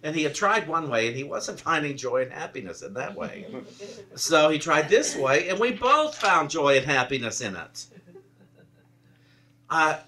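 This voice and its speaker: A man's voice: on the high side, moderate pace, recorded from a distance. A man preaching a conversational sermon from the pulpit, telling stories and laughing often as he speaks. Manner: animated storytelling, laughs often. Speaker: minister. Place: church sanctuary.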